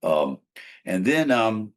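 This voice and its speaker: A man's voice: fairly low pitch, very animated, slow. An older man, a trial lawyer and mediator, telling a long case story in a casual interview, rambling with fillers and restarts.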